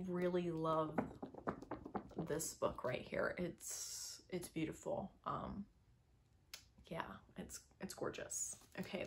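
A young woman in a casual vlog, gushing about favorites with lots of ums and little laughs. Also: medium pitch. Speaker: book vlogger. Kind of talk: casual chat.

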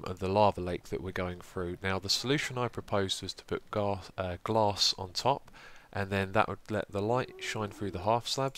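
A young man in groggy morning voice, calmly narrating his building work in a casual gameplay commentary with frequent ums. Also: sits low, a little hiss or hum. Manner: steady, explanatory, frequent ums. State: groggy morning voice, deeper than usual. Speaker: let's play host.

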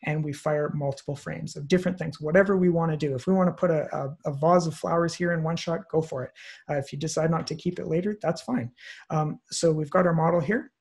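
Gravelly, husky man teaching photo editing. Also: on the high side, quick pace. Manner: relaxed, many fillers, thinking aloud. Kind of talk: screen-share software tutorial. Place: online presentation, recorded at his computer.

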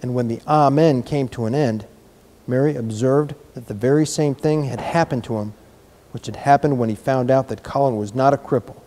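A man reading a children's novel aloud in a measured, gentle storytelling manner. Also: medium pitch. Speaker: reader.

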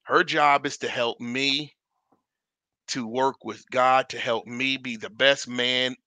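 A male co-host with a bright, forceful tone and a mid-range voice. He speaks earnestly and in a measured way, often adding short agreements. The recording is dry and close. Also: mid-range voice, fairly even intonation, no room sound. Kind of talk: casual discussion chat.

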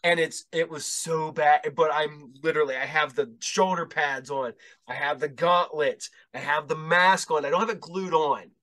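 A man's voice: on the high side, fairly even intonation, moderate pace, a bit bright. A male podcast host telling rambling, profane stories in casual chat, acting out the dialogue as he goes.

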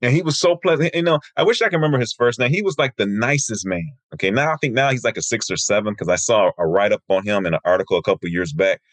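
A man's voice: fairly low pitch, quick pace, few pauses, dry recording. A man in his fifties from Michigan, a martial arts instructor, telling stories as an interview guest and acting out the people he quotes. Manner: lively storyteller who acts out quoted people.

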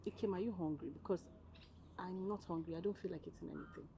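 A woman's voice: fairly low pitch, steady tone, fast, mellow, muffled recording, a little hiss or hum, natural voice. An actress playing a caring married woman who reassures her brother-in-law. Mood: reassuring. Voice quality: soothing, reassuring. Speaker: actor.

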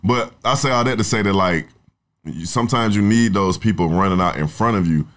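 Low-voiced man telling stories. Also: fairly quick, fairly bright tone. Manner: rambling, storytelling, profane. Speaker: songwriter guest. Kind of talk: casual podcast chat.

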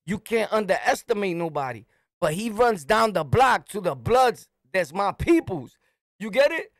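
A middle-aged man from Brooklyn with a New York accent, telling a street story in a swaggering, animated way and shouting his punchlines. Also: sits high, normal speed, no room sound, clean studio sound. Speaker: storyteller, channel host.

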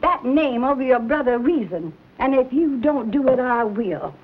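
A woman's voice: high-pitched, animated, moderate pace, slightly rough. A stern, scolding frontier mother. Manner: sharp, scolding, rustic. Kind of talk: 1950s TV western acting. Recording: tinny, lo-fi 1950s TV soundtrack.

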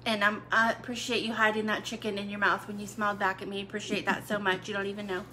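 Upbeat chatty woman, bright voice. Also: medium pitch, level tone, fast, a little hiss or hum. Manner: chatty, upbeat, playful asides. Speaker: cooking channel host. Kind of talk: casual live video chat.

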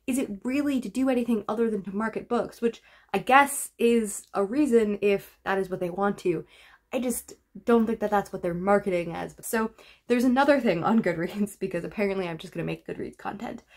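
A woman's voice: mid-range voice, fairly quick, a little mellow. A woman vlogging about books in a casual chat to camera, rambling and wry as she runs through a list of titles. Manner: chatty, rambling and wry, lists book titles. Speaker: book vlogger.

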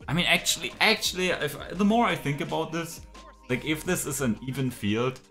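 A man's voice: on the high side, a little fast, bright, forceful tone, soft background music. A man reacting live to an esports match, frustrated, swearing, ranting with lots of fillers. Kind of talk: live game reaction commentary.

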